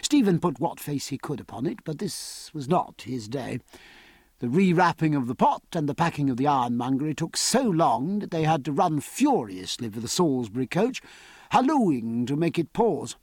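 A man reading a novel aloud as narrator, in a measured, expressive storytelling manner. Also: on the high side, dry recording, studio quality. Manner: measured, expressive storytelling with varied character voices. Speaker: audiobook narrator. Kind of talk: scripted narration.

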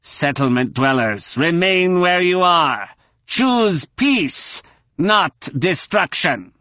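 A man voicing a menacing alien invader commander who gives slow, thundering orders over a comm channel. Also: on the high side, sing-song, sharp tone, dry recording, studio quality, pitched above the performer's own voice, exaggerated voice.

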